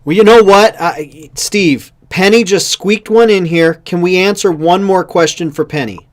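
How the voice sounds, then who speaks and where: A man's voice: sits high, moderate pace. A man in his thirties hosting a casual show, upbeat as he reads out viewer comments. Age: 30s. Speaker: show host.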